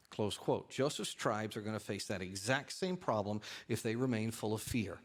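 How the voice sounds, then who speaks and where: A male pastor preaching a sermon in a church, talking animatedly and lifting his voice for asides and quoted lines. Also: mid-range voice. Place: church sanctuary.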